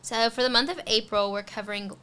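A woman's voice: fairly high pitch, fast talker, sharp tone, clear, resonant tone. A woman co-hosting a casual true-crime podcast, joking and reacting to her partner's story. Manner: joking, reactive, laughs often. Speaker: podcast co-host.

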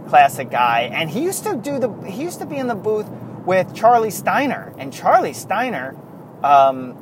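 A man's voice: high voice, slight background noise. A man hosting a podcast in casual chat, rambling and going off on tangents. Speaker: podcast host.

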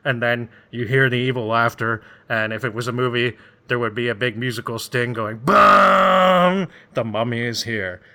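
A man's voice: medium pitch, level tone, a little fast, bright, forceful tone. A man in casual conversation retelling a book's plot, rambling along with frequent laughs and acted-out bits. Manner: rambling, laughs often, acts out voices. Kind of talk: casual chat.

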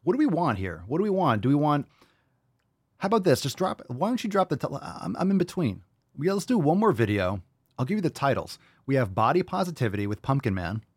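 A man's voice: medium pitch, fairly quick, slightly rough, no room sound, clean studio sound. Brash, profane male podcast host. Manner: animated, rhetorical questions. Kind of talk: blunt podcast commentary.

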